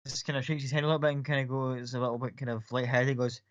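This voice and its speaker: A man's voice: mid-range voice, steady tone, fairly quick, hardly any pauses, clean tone, dry recording. A man running a tabletop game as game master, narrating casually with fillers and the odd swear word. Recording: dull lo-fi, dry.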